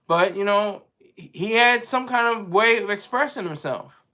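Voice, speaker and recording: A man's voice: high voice, bright, forceful tone. A man hosting a live stream in a casual, rambling monologue, giving strong opinions and often stopping to search for words as he answers his chat.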